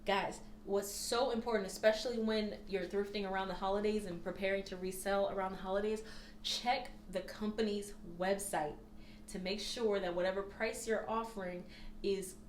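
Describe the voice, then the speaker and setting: A woman's voice: medium pitch, moderate pace, a little hiss or hum. Gushing woman in an echoey room. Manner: gushing, animated, laughs often. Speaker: reseller vlogger. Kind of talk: casual thrift haul chat.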